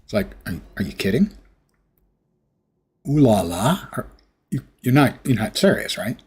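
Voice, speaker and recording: A man's voice: on the low side, very animated, brisk, slightly rough. A man giving casual, sarcastic commentary while livestreaming a game. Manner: sarcastic, wry asides to chat. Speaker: livestream gamer.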